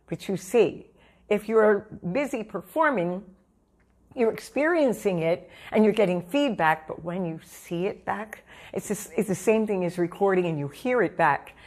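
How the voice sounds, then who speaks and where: Emphatic woman vocal coach. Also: mid-range voice. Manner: emphatic, repeats key points, calls the listener honey. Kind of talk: direct-to-camera vocal coaching talk.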